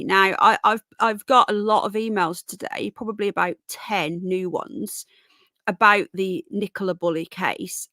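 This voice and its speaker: A woman's voice: medium pitch, bright, forceful tone, no room sound, clean studio sound. A tired, yawning woman hosting a casual live stream, chatting and greeting viewers by name as darling and sweetheart. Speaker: livestream host.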